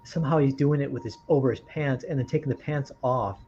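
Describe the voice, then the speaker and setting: A man's voice: medium pitch, quick pace, warm tone, soft background music. A man chatting casually, laughing easily and recounting scenes, on a dull lo-fi recording. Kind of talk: casual chat.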